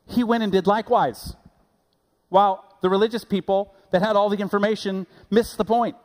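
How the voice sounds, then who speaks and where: A male pastor preaches with animated energy, his voice climbing and growing louder on the points he stresses. He tosses in quick asides and corrects himself mid-sentence. His speaking voice sits a little on the high side for a man. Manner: animated preaching, rising loud on key points. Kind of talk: sermon.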